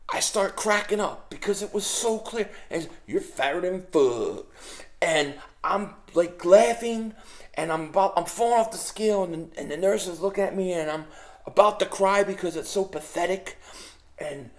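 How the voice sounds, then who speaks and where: Excitable man ranting with a slightly high voice. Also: roomy sound. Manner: emphatic, repetitive, excitable. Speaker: sports vlogger. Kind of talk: casual fan rant to camera.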